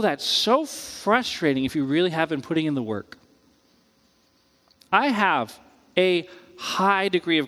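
A male pastor preaching a casual, animated sermon, talking loosely and acting out the voices he quotes. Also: fairly high pitch, big-room sound. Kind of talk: conversational sermon.

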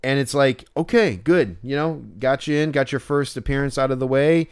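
A medium-pitched man with a clean tone and moderate pace co-hosts a podcast in casual conversation. He rambles, with plenty of fillers and restarts, and acts out exasperated yelling whenever he quotes himself.

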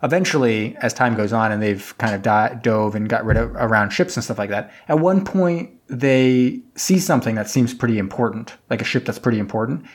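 A man in casual chat, recapping a film at length and acting out the characters with jumps in pitch. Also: fairly quick, few pauses. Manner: rambling retelling, acts out characters with pitch jumps. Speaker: podcast co-host.

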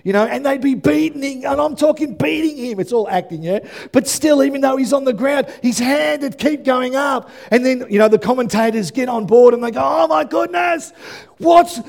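A male pastor preaching an animated sermon, rising to shouts at the peaks and dropping into quick asides. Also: very high-pitched, creaky.

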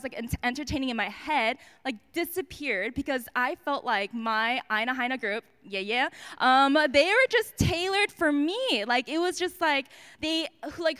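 A woman's voice: sits high, a bit bright, clear, resonant tone. Chatty woman giving a rambling testimony. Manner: rambling, chatty, self-mocking, many fillers. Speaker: church member giving a testimony. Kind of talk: personal testimony at a church service.

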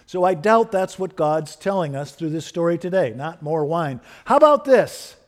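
Middle-aged guy preaching, kinda high voice, swells up loud on the refrains then goes quiet and low. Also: moderate pace. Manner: rises to fervent repeated refrains, then drops soft and low. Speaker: pastor. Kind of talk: sermon.

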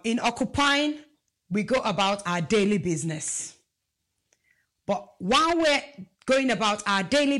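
Slow, deliberate woman preaching. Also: medium pitch, fairly bright tone. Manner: emphatic, rhetorical questions to the congregation. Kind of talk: sermon.

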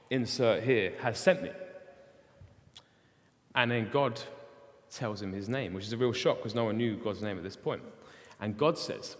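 A man preaching a sermon, telling the story lively and acting out the dialogue. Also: fairly low pitch. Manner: animated storytelling with acted-out dialogue. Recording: long hall reverb.

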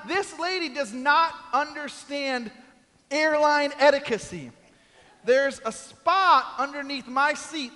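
A man preaches in a big church hall, spinning a comic story and acting out every quoted voice. His voice sits very high and sounds bright and forceful. A long reverb trails behind his words. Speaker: pastor. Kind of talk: sermon storytelling.

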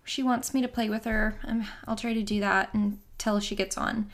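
A woman's voice: mid-range voice, steady tone, normal speed. A young woman hosting a podcast from home, chatting casually and rambling with lots of fillers. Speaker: podcast host. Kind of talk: casual chat.

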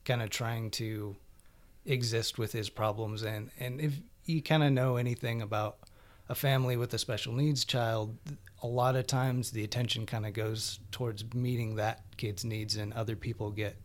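A man's voice: medium pitch, fairly even intonation, moderate pace. A man chatting casually about TV shows he has been watching, loose and rambling with lots of fillers.

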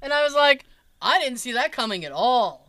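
A woman's voice: high voice, big pitch swings, normal speed, a bit bright. A woman co-hosting a casual chat, telling stories with laughs and asides. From United States. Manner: chatty, laughing storyteller. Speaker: co-host.

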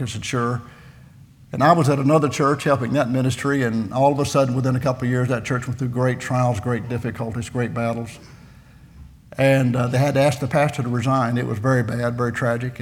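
A man in his sixties, a missionary preaching a folksy sermon in a church, telling personal stories and building to loud, fervent peaks. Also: mid-range voice. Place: church sanctuary.

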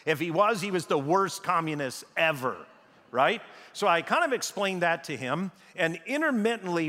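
A middle-aged American pastor preaches with a bright, forceful tone and a pitch that climbs and dips with feeling. He leans on key phrases, slows right down and repeats them for weight. His voice rings out in a church hall with a long reverb. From United States. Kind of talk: sermon.

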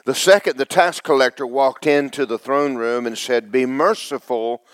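A middle-aged male pastor preaching, his voice tearful, dropping to whispers and rising to loud cries. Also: medium pitch, normal speed, no echo. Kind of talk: sermon.

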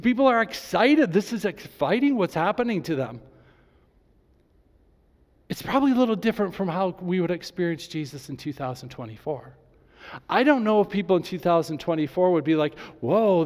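A man's voice: sits high, darkish tone, long reverb tail. A male pastor preaching a sermon with enthusiasm, reading scripture aloud to his congregation.

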